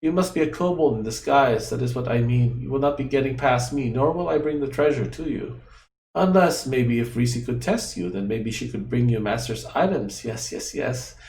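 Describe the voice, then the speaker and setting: A man playing a small, fretful female guardian in a game, childlike and eager to please. She speaks of herself in the third person in broken grammar, with a gravelly edge in an echoey room. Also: mid-range voice, normal speed, a little mellow, a little hiss or hum, lightly acted.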